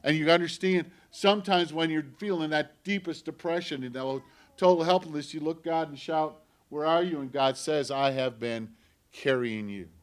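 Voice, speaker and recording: A male pastor delivers a sermon as an earnest personal story, shifting between loud, emphatic lines and hushed near-whispers. His voice sits a little high and moves at a moderate pace.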